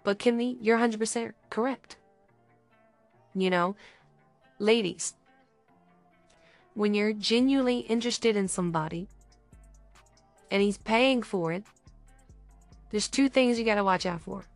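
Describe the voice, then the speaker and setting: A young woman talks through dating advice in a relaxed podcast chat, animated and quick to act out little scenes. Her voice sits close and dry on the mic, with faint music underneath. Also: medium pitch, dry recording. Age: young adult. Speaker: podcast co-host.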